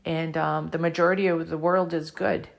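Middle-aged canadian lady, lowish gravelly voice, emotional and earnest, sharing a heartfelt story. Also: flat delivery, moderate pace. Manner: emotional, tearful at times, earnest and encouraging. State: dry mouth, emotional. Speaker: author and speaker sharing a personal story.

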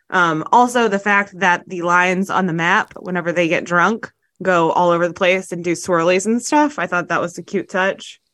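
A woman's voice: on the low side, a bit bright, no echo. A woman co-hosting a podcast in casual chat, rambling with lots of fillers and laughs. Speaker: podcast co-host.

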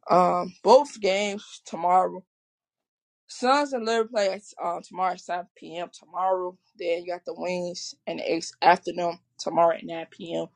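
A woman's voice: lowish voice, fairly even intonation, moderate pace, creaky. A woman hosting her podcast, rambling casually about sports with many fillers and restarts and apologizing for her swearing. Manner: rambling, full of fillers and self-corrections. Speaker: podcast host.

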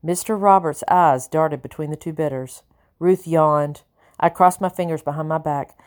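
Low-voiced woman narrating an audiobook. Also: moderate pace, darkish tone. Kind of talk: first-person audiobook narration.

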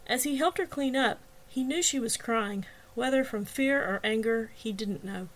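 A woman reading her own novel aloud as an audiobook narrator. Her voice sits fairly high and she tells the story expressively, with a scripted, steady delivery. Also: normal speed.

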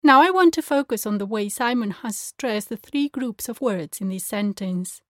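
A woman language teacher giving a pronunciation lesson, speaking clearly and carefully as she demonstrates sounds. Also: fairly high pitch, expressive, moderate pace, no echo, clean studio sound.

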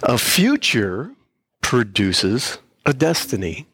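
An older man delivers a sermon from a church pulpit at a slow, deliberate pace. His tone is earnest and heartfelt, a little unpolished, with frequent throat clearing. The sound is dry, with very little room echo. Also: medium pitch, huge pitch swings, fairly bright tone. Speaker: guest speaker, missionary pastor.

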